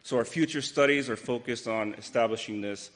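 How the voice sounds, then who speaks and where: A man presenting his group's heart imaging research in a brisk, technical talk. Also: mid-range voice. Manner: brisk, technical, some fillers. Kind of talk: rehearsed scientific talk. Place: lecture hall. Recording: long reverb of a hall.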